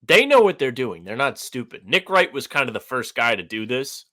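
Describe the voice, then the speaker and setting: Young dude cohosting a podcast, bright voice, rambly and casual, says like a lot. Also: male voice, mid-range voice, big pitch swings, moderate pace. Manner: loose, filler-heavy, lots of "like". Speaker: podcast co-host. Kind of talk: casual chat.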